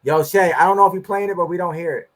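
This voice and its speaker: A man's voice: high-pitched, fast. A man hosting a casual interview, playful and joking, laughing often. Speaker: host.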